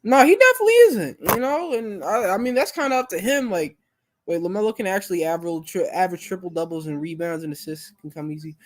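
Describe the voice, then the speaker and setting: A young man hosting a live stream, chatting casually with viewers in a relaxed, rambling way full of fillers. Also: high-pitched, fast. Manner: laid-back, rambling, many fillers.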